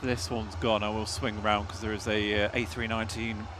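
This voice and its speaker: A man's voice: fairly low pitch, flat delivery, moderate pace, noisy background. A man co-hosting a live stream outdoors, bantering, joking and thanking viewers. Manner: jokey, banters and laughs. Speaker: livestream co-host. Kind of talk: casual live commentary. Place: outdoors by an airport runway.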